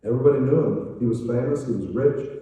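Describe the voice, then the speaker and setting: Older preacher in an echoey hall. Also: male voice, medium pitch, fast talker, distant mic, highs cut off. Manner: animated storytelling, acting out voices. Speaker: evangelist preacher. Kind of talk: sermon.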